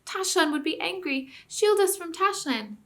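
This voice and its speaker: A woman's voice: very high-pitched, animated, normal speed, a bit bright, voice pushed up. A woman voicing a crowd of frightened talking beasts who whimper and beg for shelter.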